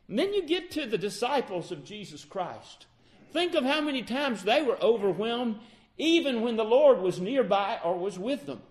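A man preaching a sermon with a dramatic delivery that rises and falls. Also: high-pitched. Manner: dramatic, rising and falling delivery.

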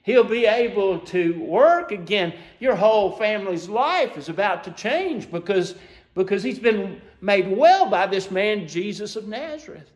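Male preacher, fairly high voice, emotive storytelling sermon delivery. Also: measured pace. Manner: emotive storytelling, rising to high excited peaks then dropping soft; asks listeners to imagine scenes.

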